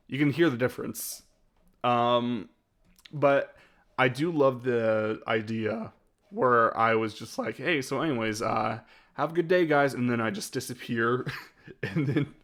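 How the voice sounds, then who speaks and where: On a live stream, a man chats loosely while ranking his own videos. He often hesitates, restarts and breaks into short laughs, rambling along in an ordinary middle pitch with a fairly bright tone.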